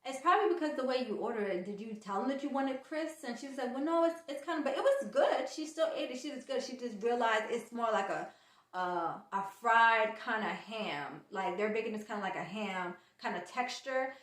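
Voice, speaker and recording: Woman vlogger, fairly high voice, animated storytime chat, echoey room. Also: fairly quick. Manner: chatty, animated retelling with quoted dialogue. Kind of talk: casual storytime vlog.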